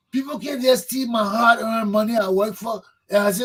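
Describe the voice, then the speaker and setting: A man's voice: extremely high pitch, moderate pace, rough recording. A man, hosting a talk show, delivering a fervent political monologue that preaches, repeats points for emphasis and swears. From Liberia.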